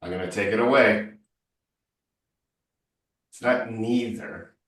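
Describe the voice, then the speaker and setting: A man's voice: on the low side, lively intonation, a little slow, a bit bright. A man coaching a student one-on-one in spoken English, emphatic and playfully corrective. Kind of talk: one-on-one tutoring session. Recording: roomy echo, distant mic.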